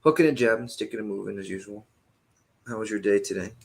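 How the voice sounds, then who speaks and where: A man's voice: lowish voice, quick pace, slightly rough. A young man hosting a live stream, bantering and joking in a casual chat.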